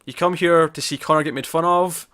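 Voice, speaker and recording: A man's voice: a little high, steady tone, fairly quick, a bit bright. A young man hosting a casual comics podcast, chatty and self-mocking, often stumbling over his words. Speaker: podcast host. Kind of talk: casual chat.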